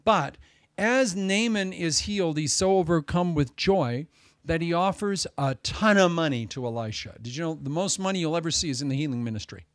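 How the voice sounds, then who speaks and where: A man preaching a Sunday sermon as pastor, swinging between loud emphasis and hushed asides. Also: fairly high pitch, expressive, moderate pace, no room sound.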